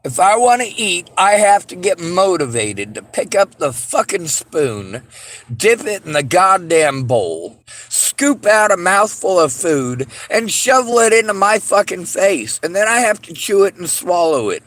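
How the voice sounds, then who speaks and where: A man's voice: high voice, big pitch swings, unhurried, fairly bright tone. Bitter man ranting with heavy swearing. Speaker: vlogger. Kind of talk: angry monologue to camera.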